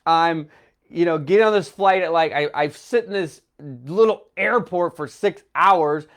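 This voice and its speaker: A man's voice: a little high, unhurried, fairly bright tone. Emotional young man rambling through a story. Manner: rambling, filler-heavy, emotional retelling. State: tearful, runny nose. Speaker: travel vlogger. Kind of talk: personal storytelling to camera.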